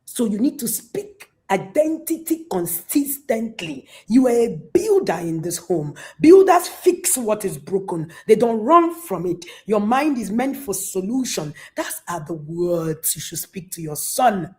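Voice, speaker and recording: A middle-aged woman giving an emphatic, preachy talk to parents, repeating key lines and at times shouting. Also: mid-range voice, sing-song, a little slow, hardly any pauses. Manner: sometimes shouts at the audience. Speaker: conference speaker to parents. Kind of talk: motivational talk.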